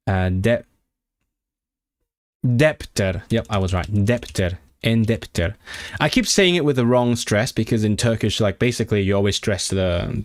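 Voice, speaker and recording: This casual live-stream features a young man studying a language, talking with viewers and sounding out foreign words with lots of restarts. His voice is on the low side, with no room sound.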